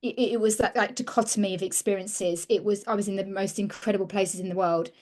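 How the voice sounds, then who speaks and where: A woman speaks as a guest in a relaxed interview. She tells her story earnestly and thoughtfully, often breaking off and restarting her sentences. Her voice sits at a middle pitch. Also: fairly quick. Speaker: women's mentor, interview guest.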